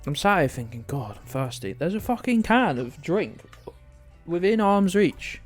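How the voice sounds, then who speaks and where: Male game streamer, animated, rambling, sweary, self-mocking. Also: sits high, a little slow, faint music behind. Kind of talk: live-stream commentary.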